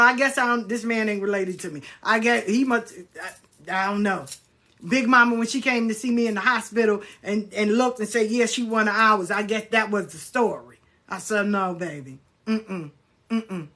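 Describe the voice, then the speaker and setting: A middle-aged woman chatting casually, bluntly telling stories and acting out the other people's lines. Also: a little high. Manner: blunt, animated, acts out dialogue with swearing. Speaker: spiritual practitioner sharing stories. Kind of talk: casual storytelling chat.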